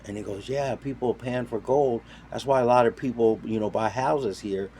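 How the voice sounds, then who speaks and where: A man casually telling a story, animated, jumping between loud quoted voices and quiet asides. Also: mid-range voice, normal speed, a little hiss or hum. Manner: animated, acts out quoted voices with sudden loud and soft swings. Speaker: storyteller on a talk show.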